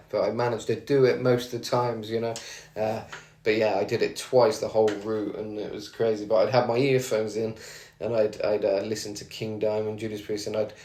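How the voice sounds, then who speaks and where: A man's voice: on the low side, a little mellow. A man hosting a radio show and telling rambling, chatty stories with lots of fillers and restarts. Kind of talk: casual anecdotal storytelling. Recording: roomy echo.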